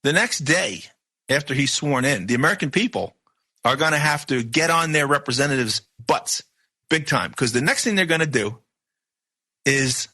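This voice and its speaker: Emphatic, bright-voiced male radio host. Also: mid-range voice, expressive. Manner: emphatic, rapid bursts, rhetorical questions. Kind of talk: opinionated radio talk.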